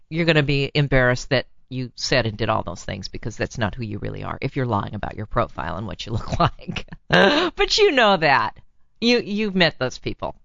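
A woman's voice: extremely low pitch, gravelly, a bit bright, no echo, dull audio. A woman hosting a relationship advice show, talking frankly and laughing easily as she reads a listener's letter.

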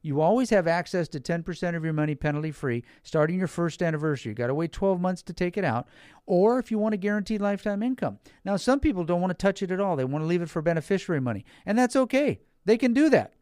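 In a clean studio recording with no echo, a man with a high, somewhat mellow voice walks listeners through financial products. He's a financial advisor with a homespun sales patter who repeats himself, addresses the listener directly, and punches key words.

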